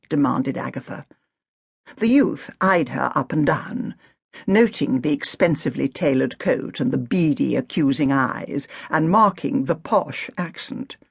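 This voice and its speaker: A woman narrating an audiobook in a measured, dry storytelling manner on a close studio mic. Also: low voice, vocal fry, breathy edge, dry recording. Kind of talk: scripted narration.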